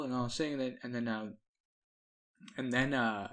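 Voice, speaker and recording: A man's voice: mid-range voice, steady tone, normal speed, fairly bright tone. A young man co-hosting a podcast, telling a story in casual chat, acting out quotes and laughing often. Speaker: podcast co-host.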